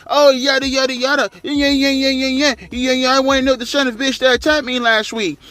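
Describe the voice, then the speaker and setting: A whiny, sassy woman wrestler, as a man mocks her in a high nagging voice, every word dripping with complaint. The voice rides up high and sharp, and it sits a little off the mic. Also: level tone, a little fast, clear, resonant tone, dry recording.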